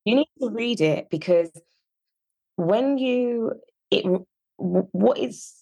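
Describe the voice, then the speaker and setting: A woman's voice: medium pitch, slow, gravelly, no room sound. A woman with a Yorkshire accent co-hosting a podcast, talking earnestly and at length. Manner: earnest, discursive, animated when riled. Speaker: podcast co-host. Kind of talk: casual chat.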